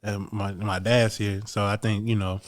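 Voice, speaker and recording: A man speaking as a guest in a casual podcast chat, relaxed and agreeable, with many fillers. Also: fairly low pitch, moderate pace, no room sound.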